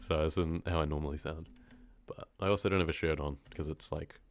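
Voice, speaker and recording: A man's voice: rumbling low, fairly even intonation, a little fast. A man chatting casually on a live stream, reading comments, rambling and laughing often, with a congested, stuffy nose from a cold. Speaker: horror story narrator streaming live.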